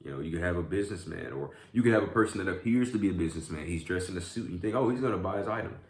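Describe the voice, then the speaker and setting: A man with a very deep, low voice chats casually as he eats, rambling through a story with lots of filler words. The room around him is echoey. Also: racing, darkish tone. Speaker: vlogger. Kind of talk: casual chat while eating.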